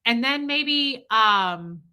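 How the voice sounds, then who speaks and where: A woman in her forties hosting a casual livestream, chatting bluntly with frequent swearing and animated storytelling. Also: a little high, extremely slow, clean tone. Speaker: livestream host.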